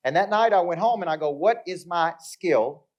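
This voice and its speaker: A man's voice: high-pitched, lively intonation, moderate pace. Motivational speaker, middle-aged man, tells stories and acts out the dialogue, keeps checking in with the room. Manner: storytelling with acted-out dialogue and crowd check-ins. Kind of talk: live motivational talk. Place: live event before an audience.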